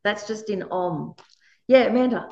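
A woman's voice: mid-range voice, moderate pace, vocal fry, reverberant, muffled recording. A woman giving a conversational dharma talk as a meditation teacher. She laughs often while she teaches.

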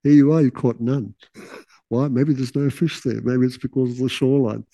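A man giving a relaxed, casual teaching talk, with laughing asides and quotes that he acts out. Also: medium pitch, normal speed, vocal fry, no room sound, poor audio.

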